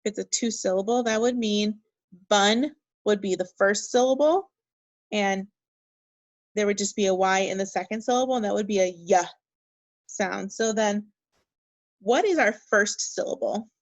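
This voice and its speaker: A woman teaching a second grade phonics lesson, speaking slowly and encouragingly and spelling words out letter by letter. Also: mid-range voice, no echo, poor audio. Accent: Minnesota. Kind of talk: recorded remote phonics lesson.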